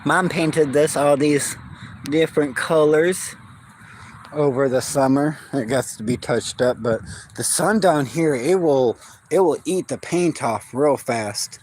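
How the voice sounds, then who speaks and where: A man's voice: a little high, slow, a little mellow, a little hiss or hum. A man, chatting casually outdoors in his yard while he vlogs on a phone, rambling and talking to his dogs. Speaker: vlogger. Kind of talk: casual walk-and-talk vlog. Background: dogs barking.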